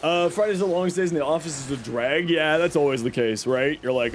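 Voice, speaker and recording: Chatty male game streamer, slightly high voice. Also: fairly quick, slight background noise. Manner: chatty, explains game tips to chat. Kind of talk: casual gameplay commentary.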